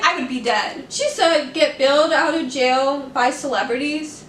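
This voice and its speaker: A woman's voice: high voice, a little slow, few pauses, a bit bright, echoey room, far from the mic, slight background noise, rough recording. A young woman vlogging about her own story, fervent and passionate, with lots of "like" fillers. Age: young adult. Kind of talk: personal storytelling vlog.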